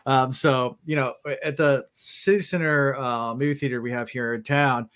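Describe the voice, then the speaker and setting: A man's voice: medium pitch, steady tone, normal speed, a bit bright. A man hosting a casual podcast, tired, telling rambling stories full of fillers. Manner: rambling storyteller, many fillers. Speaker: podcast host. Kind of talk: casual chat.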